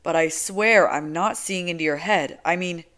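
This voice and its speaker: A woman's voice: fairly low pitch, normal speed, lightly acted. A woman reading an audiobook, voicing a laid-back young man who teases, with emphatic, amused delivery. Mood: amused, teasing. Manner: relaxed, teasing, emphatic. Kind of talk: audiobook character voice.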